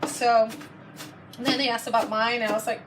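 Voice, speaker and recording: A woman's voice: a little high, little pitch movement, normal speed. A woman, chatting casually to her viewers and rambling through a story while cooking in her kitchen, often correcting herself. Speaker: vlogger. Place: home kitchen. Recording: distant mic with clear background noise. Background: kitchen sounds while cooking.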